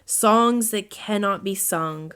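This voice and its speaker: A woman voicing a fussy, excitable male owl as she reads a children's storybook aloud. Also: slow, smooth. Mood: mournful. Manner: high, fretful storybook voice.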